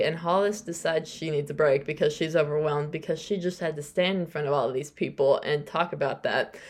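A woman hosting a podcast, recapping a novel in a casual, chatty way, often correcting herself and quoting the characters. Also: low-pitched. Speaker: podcast host.

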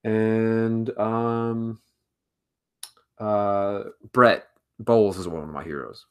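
A man answering questionnaire questions in a casual podcast chat, slow and hesitant with many ums, over a remote call. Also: lowish voice, steady tone, smooth. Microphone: remote call with lag.

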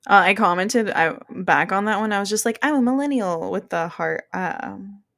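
Late-twenties woman, podcast co-host, casual and wry, slight vocal fry. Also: mid-range voice, fairly even intonation, normal speed, sharp tone. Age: 20s. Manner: laid-back, swears casually, laughs at herself.

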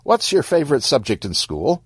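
A man's voice: mid-range voice, very animated, normal speed, husky, dry recording, studio quality, voice pushed up. A man voicing a meek male CEO who is flustered and hesitant, stammering as he talks. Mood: awkward.

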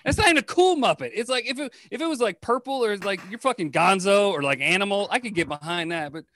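A man doing a crude, profane stand-up comedy set, riffing fast. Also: sits high, lively intonation, a bit bright, slight background noise.

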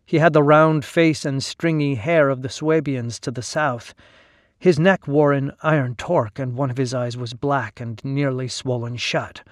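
A man reading a first-person story aloud in a measured, solemn way. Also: mid-range voice, steady tone, dry recording, clean studio sound. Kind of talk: scripted first-person narration.

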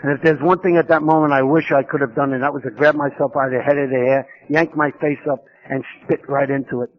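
A man's voice: medium pitch, steady tone, fast talker, muffled recording. A man from New York, telling his recovery story at a conference in a humorous, self-mocking way with vivid repetition.

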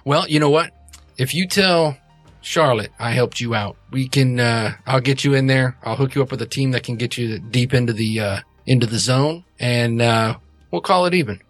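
A big, blunt troll with a crude, easygoing drawl, as a man puts him on. The voice sits at a middling pitch and sounds close and dry, with faint music underneath. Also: normal speed, no room sound, close to an everyday voice. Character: gruff large male troll, blunt and crude.

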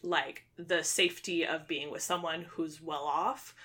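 Bright-voiced young woman retelling a story. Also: low-pitched, steady tone, unhurried. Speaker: book reviewer. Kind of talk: casual chat.

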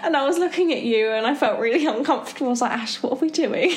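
A young woman hosting a podcast, telling a story in a lively chatty way and laughing often. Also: sits high, quick pace, few pauses. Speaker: podcast host. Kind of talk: casual storytelling chat. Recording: echoey room with faint noise.

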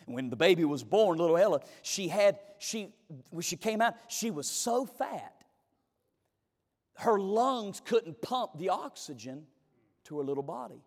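Pastor, high-voiced, emphatic storyteller, long hall reverb. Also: male voice, big pitch swings, unhurried. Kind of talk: sermon.

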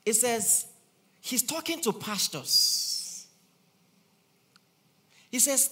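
Man, pastor, sermon, animated, teasing, high-pitched voice. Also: very slow, pauses often. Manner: animated preaching with big swings in loudness, teasing, laughing.

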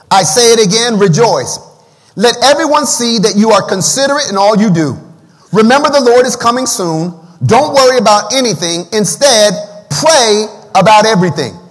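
A man preaching a sermon as pastor, calling out to his online viewers and sometimes singing hymn lines. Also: very high voice. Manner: preaching with call-and-response, breaks into singing a hymn. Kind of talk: livestreamed sermon. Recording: long hall reverb.

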